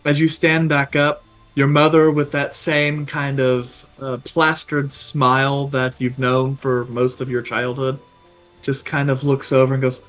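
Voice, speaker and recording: A man narrating a tabletop game as game master, in an unhurried way full of small fillers. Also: medium pitch, level tone, a bit bright, soft background music, poor audio.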